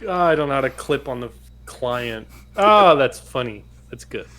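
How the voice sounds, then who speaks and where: A man's voice: medium pitch, animated, moderate pace, bright, forceful tone. An easygoing man hangs out on a friend's stream as a regular. His voice sits in an ordinary middle range. He chuckles often and slips in short anecdotes. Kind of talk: casual stream chat.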